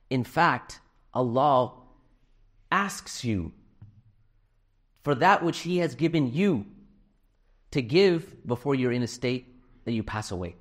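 A middle-aged man preaches a fundraising sermon to a gathered audience in a hall. He speaks earnestly and conversationally, mixing personal stories with gentle self-deprecating humor, at a mid-range pitch.

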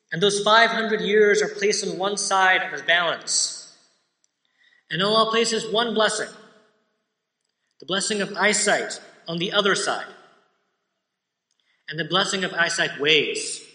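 High-voiced man preaching in an echoey hall. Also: pushed and bright. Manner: measured, earnest retelling of a religious parable. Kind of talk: sermon storytelling. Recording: echoey hall with long reverb.

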